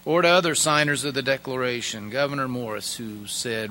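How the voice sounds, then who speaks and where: A man giving a formal speech at a prayer breakfast, speaking in a measured and emphatic way with pauses. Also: medium pitch, sharp tone, a little hiss or hum, rough recording. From United States.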